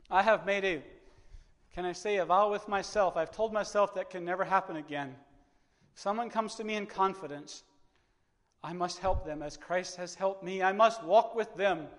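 A man delivering a church sermon in a notably high voice, with a long reverb trailing each phrase in the hall. He repeats words as he gathers his thoughts, then rises into impassioned, fervent stretches. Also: normal speed, a bit bright. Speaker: preacher.

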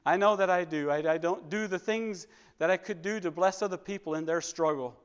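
Man, preacher, sermon, higher voice, emotional, repeats himself, loud then hushed, long church reverb. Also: brisk, clean tone.

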